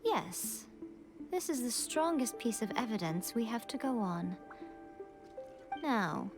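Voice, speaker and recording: An actress playing a sly, composed shrine priestess who speaks in a teasing, unhurried way, with soft game music behind her. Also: medium pitch, lightly acted. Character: sly poised fox-like shrine priestess woman.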